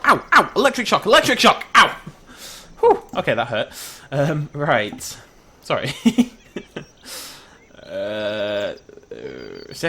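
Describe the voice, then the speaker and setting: Excitable man with wild pitch swings. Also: a little hiss or hum. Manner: excitable, chatty, talks to the creatures. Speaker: gaming YouTuber. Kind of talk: game commentary.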